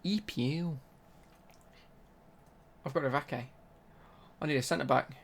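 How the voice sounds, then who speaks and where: A man's voice: medium pitch, slow pace, gravelly. A young man chatting casually on a live stream while he plays, bantering and answering his chat.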